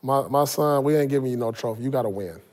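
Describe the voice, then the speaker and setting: A man in his forties co-hosting a casual sports talk show, animated and teasing, repeating himself for emphasis. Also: medium pitch, quick pace. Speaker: podcast co-host.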